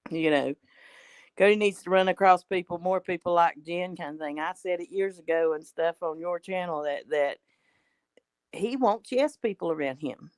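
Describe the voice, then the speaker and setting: Rambling woman, low-pitched, casual caller. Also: normal speed, clear, resonant tone, no room sound. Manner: rambling, trails off with "kind of thing and stuff". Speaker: regular caller. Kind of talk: casual chat.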